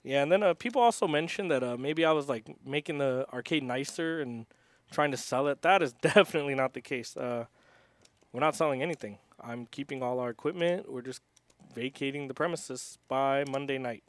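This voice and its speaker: A man's voice: medium pitch, fairly quick, dry recording. A young man who owns an arcade, talking on a casual livestream, swearing heavily and hitting back at critics while reading chat aloud. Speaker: arcade owner.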